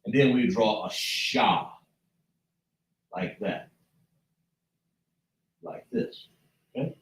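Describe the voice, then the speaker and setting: A man teaching a slow lesson at a chart, patiently breaking down and repeating sounds as he writes them out. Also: lowish voice, distant mic. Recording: echoey room, voice from afar.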